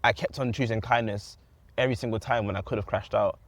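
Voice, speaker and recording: A man's voice: on the low side, steady tone, fast, a little hiss or hum. A young man hosting a podcast in casual chat, telling stories in a laid-back way. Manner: laid-back, storytelling, laughs often. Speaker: podcast host.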